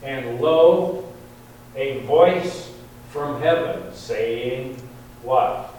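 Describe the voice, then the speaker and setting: A man preaching a sermon, slow and deliberate, lifting his voice on quoted verses. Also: medium pitch, a little mellow. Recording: very echoey hall, distant mic, faint hum.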